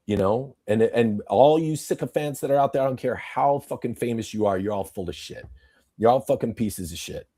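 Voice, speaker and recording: A man's voice: medium pitch, moderate pace, dark tone. A man hosting a podcast, ranting angrily and profanely in an emphatic monologue. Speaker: podcast host.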